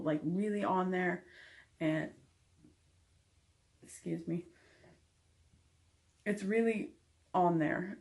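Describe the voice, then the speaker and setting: A woman's voice: lowish voice, a little mellow. A young adult woman giving a candid, frank recovery update to camera, with frequent ums. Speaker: vlogger.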